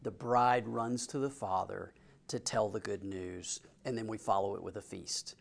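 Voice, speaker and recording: A man's voice: on the low side, steady tone, normal speed, creaky. A man teaching a Bible class in a casual way, reading scripture and asking the group questions. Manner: asks the group questions, informal.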